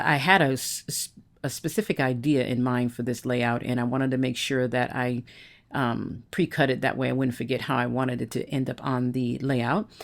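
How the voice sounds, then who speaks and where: A woman giving a chatty, rambling voice-over while she makes a scrapbook layout at her craft desk, often correcting herself. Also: extremely low pitch.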